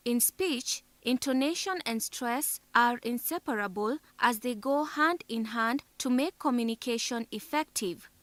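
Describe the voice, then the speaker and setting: Slow, bright-voiced woman teaching. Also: a little high, no room sound. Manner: deliberate, spells out syllables carefully. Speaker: teacher narrator. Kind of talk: scripted lesson narration.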